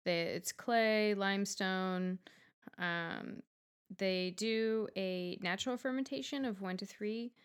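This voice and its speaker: A woman's voice: mid-range voice, slow pace, clear, resonant tone. A young woman hosting a casual podcast chat, rambling with lots of fillers and teasing her co-host.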